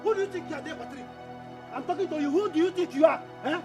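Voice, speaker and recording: An actor with a Nigerian accent playing a poor, hot-tempered younger brother who stammers and repeats himself, in a film drama. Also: male voice, very high voice, quick pace, music in the background. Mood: defiant. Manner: stammering, repeats words, challenging.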